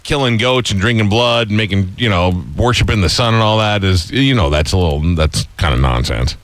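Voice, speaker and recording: Male radio host, quick, jokey, low voice, dry mic. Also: expressive, dry recording. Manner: joking, rambling, fast. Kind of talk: casual radio chat.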